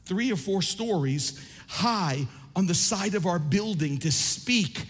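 A man preaching a sermon as pastor, impassioned and building to near shouts. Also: high voice, animated, slow, faint music behind. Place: large church sanctuary. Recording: long reverb of a large hall.

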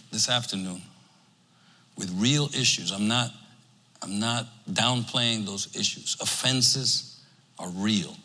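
A man preaching a sermon in a church, animated and emphatic, acting out what his listeners might say. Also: on the low side. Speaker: pastor. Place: church sanctuary. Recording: long reverb of a church hall.

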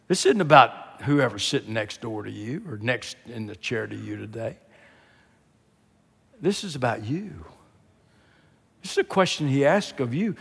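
A man preaching a sermon on a church stage, dropping to hushed asides and then building to shouted, emphatic climaxes. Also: medium pitch, very animated, normal speed, creaky, pauses often, breathy edge, long reverb tail. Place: large church auditorium with stage.

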